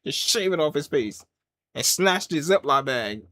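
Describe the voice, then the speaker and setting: A man's voice: fairly high pitch, lively intonation, measured pace, bright, forceful tone. A man giving a casual watch-along review of a wrestling show, rambling through jokes and rants and laughing often. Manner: loose, joking rants with frequent laughs.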